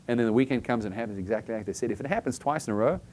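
Rapid-fire and a little mellow, a medium-pitched male voice preaches a conversational sermon against slight background noise. He chats along, repeatedly checking in with "okay?", and dramatizes brief everyday moments to illustrate his message.

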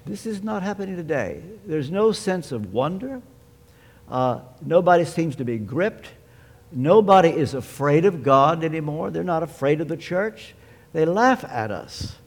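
A man delivers a sermon in a slightly higher-pitched voice, emphatic and measured. He poses rhetorical questions and answers them himself. His words ring out with a long hall reverb. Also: lively intonation. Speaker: preacher.

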